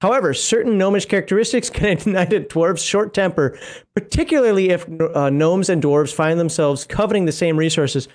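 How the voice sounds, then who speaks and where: A man's voice: high voice, brisk, a little mellow. A man co-hosting a casual talk show, reading lore aloud and rambling into asides with frequent laughs. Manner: rambling, stops to laugh and comment. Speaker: podcast co-host reading game lore.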